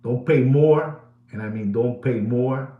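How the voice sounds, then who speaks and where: A man's voice: mid-range voice, a little slow, echoey room, narrow, tinny audio. A man hosting a casual watch market update, emphatic and repetitive, swinging his voice up and down for drama.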